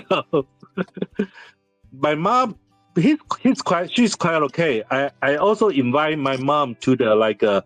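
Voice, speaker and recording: A man in his fifties whose first language is Mandarin, a series director telling personal stories in halting English with many restarts. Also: a little high, expressive, fairly bright tone, no echo, faint music behind. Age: 50s. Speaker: series director, interview guest. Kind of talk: candid interview storytelling.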